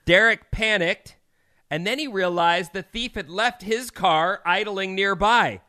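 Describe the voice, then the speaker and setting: Radio co-host, man, 30s, bright crisp voice, dry studio sound, wry news-reader delivery. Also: sits high, a little slow, dry recording. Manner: reads odd news stories with wry asides. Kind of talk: morning radio news banter.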